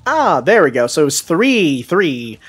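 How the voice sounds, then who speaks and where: A man's voice: on the high side, very animated, a little slow, fairly bright tone, slightly rough. A man commenting on a friend's video game playthrough, playful, explaining things and cracking jokes. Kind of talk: casual gameplay commentary.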